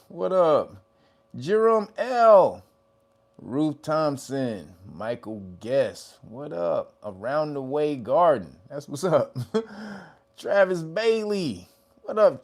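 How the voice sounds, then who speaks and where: A man's voice: lively intonation, slow pace. Laughing, swearing man hosting a livestream. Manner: reads viewer names, laughs often, swears casually; rises to a high, loud laughing voice when teasing. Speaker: livestream host. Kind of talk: casual livestream chat.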